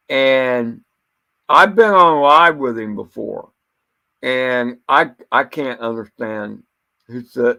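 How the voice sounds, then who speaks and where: A man with a gravelly, creaky voice rambles through an unscripted monologue. He talks bluntly and swears freely, and he keeps stumbling over and repeating words as he goes. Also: medium pitch, sharp tone.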